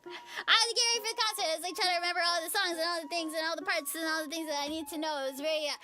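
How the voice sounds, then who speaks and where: A woman's voice: very high voice, fairly even intonation, racing, music in the background. A woman narrating her travel vlog in a casual, rambling, joking way, full of fillers and asides. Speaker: travel vlogger.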